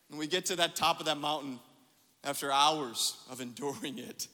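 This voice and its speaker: A man preaching a sermon as pastor, telling a story with lively quoted dialogue. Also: on the high side, moderate pace, long pauses, big-room sound.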